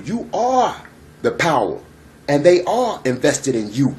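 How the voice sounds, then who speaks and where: A man's voice: on the high side, very animated, unhurried, a little mellow. A man giving a freewheeling spiritual monologue to camera, profane and emphatic, repeating phrases and using street slang. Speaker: spiritual vlogger.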